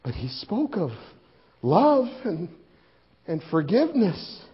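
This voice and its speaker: A man acting a grieving male disciple at the crucifixion, in a dramatic monologue, halting and repeating his words, on a dull lo-fi recording. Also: high-pitched, big pitch swings, husky, exaggerated voice. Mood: reflective.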